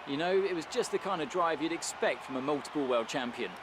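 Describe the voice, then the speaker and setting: A man playing an expert race pundit in a racing game, giving scripted analysis in a measured, analytical way. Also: fairly high pitch, animated, natural voice. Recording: clear background noise.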